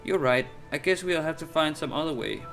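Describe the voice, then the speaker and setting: A man's voice: on the high side, brisk, gravelly, fairly bright tone, pitched above the performer's own voice. A man voicing an earnest, kind-hearted young boy hero, speaking sincerely over game music.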